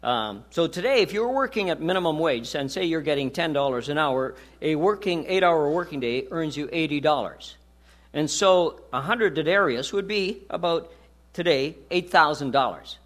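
A man's voice: fairly high pitch, lively intonation, moderate pace, a bit bright. A man preaching a sermon as pastor, talking conversationally with rhetorical questions and jokes.

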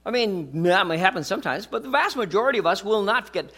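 A man's voice: high-pitched, animated, quick pace, bright, forceful tone. A man preaching a sermon as pastor, talking conversationally with rhetorical questions and jokes.

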